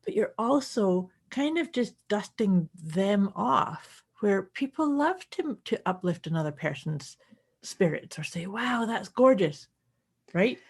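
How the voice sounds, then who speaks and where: A woman's voice: mid-range voice, lively intonation, slow, darkish tone, breathy edge. A woman co-hosting a casual podcast chat, reflective, often repeating words as she searches for what to say. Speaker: podcast co-host, healer.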